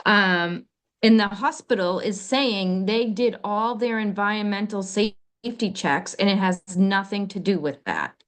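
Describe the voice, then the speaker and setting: Woman on a podcast, halting, lots of ums and restarts, mid pitch. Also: clear, resonant tone. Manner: hesitant, many ums and restarts. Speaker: podcast co-host. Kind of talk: casual chat.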